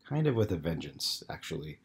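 A man reading the part of a troubled young man in his twenties, speaking slowly and earnestly in his own low, husky voice. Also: sing-song, full character voice. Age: 20s.

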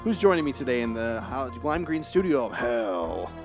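A man's voice: mid-range voice, big pitch swings, normal speed, music in the background. A man hosting a podcast in casual chat, goofy and laughing often, recorded in a room at home with a film playing behind. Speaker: podcast host.

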